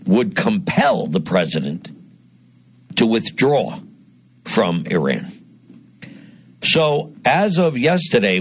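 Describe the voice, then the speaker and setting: Man, radio host, husky voice, slow deliberate delivery, lively rising and falling pitch. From Northeast Pennsylvania. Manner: deliberate, emphatic, dramatic pauses. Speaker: radio talk show host. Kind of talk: radio commentary monologue.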